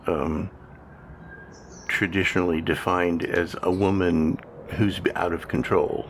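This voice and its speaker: A man's voice: sits low, level tone, unhurried, slight background noise. A man co-hosting a podcast in casual conversation, with dry, wry remarks. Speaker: podcast co-host.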